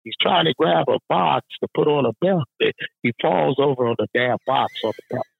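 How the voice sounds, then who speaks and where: Animated gravelly man telling a story. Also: medium pitch, normal speed, phone-quality sound. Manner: animated, profane, laughing often. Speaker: supervisor telling a work story. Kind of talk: casual storytelling chat.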